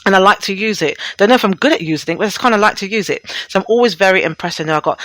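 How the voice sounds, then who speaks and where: A woman's voice: mid-range voice, rapid-fire, a bit bright, dry recording. Blunt, profane middle-aged woman host. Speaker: radio show host. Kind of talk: casual, profane talk radio monologue.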